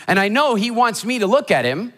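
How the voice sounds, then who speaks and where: A motivational speaker telling funny stories in a keynote talk before a live audience, animated and acting out the voices of people in his stories. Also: sits high, fairly quick. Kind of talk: humorous storytelling keynote talk. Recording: hall reverb of a live talk.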